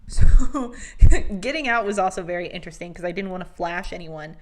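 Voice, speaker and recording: A young woman in her twenties tells stories on a podcast in easygoing, animated chat. Her voice sits at an ordinary middle pitch, and she talks on with quick asides. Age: 20s. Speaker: podcast co-host. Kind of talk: casual chat.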